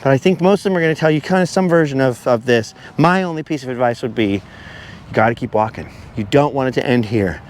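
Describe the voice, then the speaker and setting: Walking outdoors along a beach, a man vlogs in a brisk, medium-pitched voice. He delivers a lengthy, rambling walk-and-talk monologue that keeps wandering off topic.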